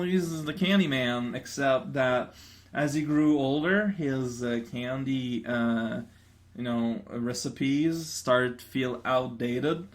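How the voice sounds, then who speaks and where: A young man does casual, playful let's-play commentary on a game, rambling and often stammering and restarting his sentences. His medium-pitched voice is a bit bright and slow, with faint game music behind him.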